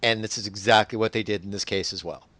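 A man's voice: fairly low pitch, steady tone, fast, a bit bright, dry recording. An enthusiastic man chats on a podcast and keeps repeating himself as he builds his point. The sound is dry and close. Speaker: podcast co-host. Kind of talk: casual podcast chat.

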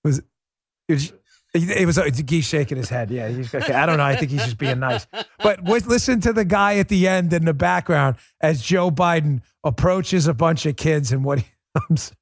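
Animated male political podcast host. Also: a little high, normal speed, slightly rough, dry recording. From Queens, New York. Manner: animated, laughs often, breaks into impressions. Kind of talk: political commentary.

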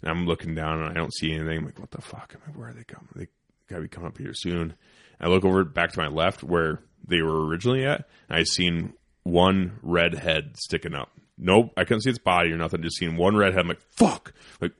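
A man with a very low, deep voice tells a story on a casual podcast. He is animated and swears a lot, and he drops to a hushed whisper when he quotes himself. The sound is close and dry, with no room around it. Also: no room sound. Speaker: podcast host.

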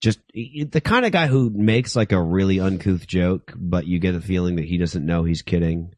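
A man's voice: low-pitched, normal speed. A male comedian telling a story in casual chat, swearing freely and acting out the people in it. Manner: animated, swears freely, acts out quoted people.

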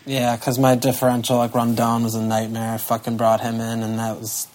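A man co-hosts a podcast in a dry, deadpan manner. His pitch stays very flat, and he swears casually as he talks. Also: brisk. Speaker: podcast co-host. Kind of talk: casual chat.

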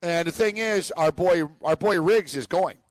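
A man's voice: high-pitched, moderate pace, no room sound. A man co-hosting a sports talk show, telling a long rambling story and acting out a phone call. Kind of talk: casual chat.

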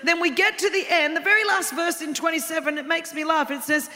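A woman preaching a sermon, telling a story with humorous, animated asides. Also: extremely high pitch, brisk. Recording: long hall reverb.

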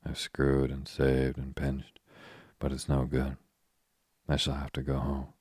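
A man's voice: rumbling low, completely flat delivery, a little mellow, husky, no room sound, clean studio sound, heavily acted. A man reading as a frank, spirited young woman. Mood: fretful. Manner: chatty and blunt, quick to exclaim.

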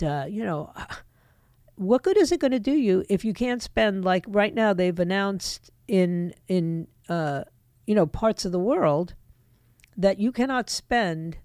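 A woman's voice: mid-range voice, expressive, slow, a little mellow, no echo, studio quality. A middle-aged woman hosting a political talk radio show, opinionated and emphatic, talking straight to her listeners.

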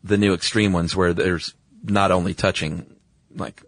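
A man co-hosting a podcast in casual chat, quick asides and frequent laughs. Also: deep voice, steady tone, dry recording. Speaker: podcast co-host.

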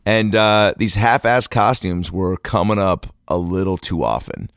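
A man's voice: low voice, unhurried, no room sound, clean studio sound. A man telling a comedic story in a loose, profane, rambling way.

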